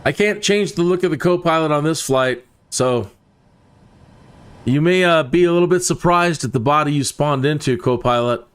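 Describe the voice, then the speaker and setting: A man's voice: a little high, normal speed, smooth. A man giving casual, chatty commentary while flying a flight sim, talking directly to his viewers.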